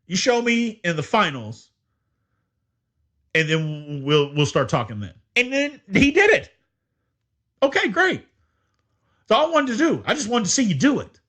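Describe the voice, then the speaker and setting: A man hosting a casual sports podcast, talking in an animated, exasperated way and laughing often. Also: high-pitched. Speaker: podcast host.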